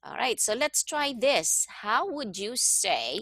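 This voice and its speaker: Woman, Tagalog tutor, bright clear tone, dry close sound, patient, keeps asking "okay?". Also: on the high side, very animated, slow, no echo. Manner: patient, checks understanding with frequent "okay?". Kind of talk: one-on-one online language lesson.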